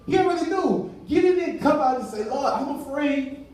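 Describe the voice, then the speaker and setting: With a very high-pitched voice that swings widely in pitch, a man preaches to a church hall, a little fast and a little mellow. As pastor, he keeps things colloquial and casual, performing dialogue as he goes. The mic sits far away in an echoey room.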